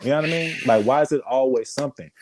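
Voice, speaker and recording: A man co-hosting a podcast in casual chat, animated and slangy, with lots of hesitant restarts. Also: mid-range voice, fast, slight background noise, poor audio. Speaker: podcast co-host.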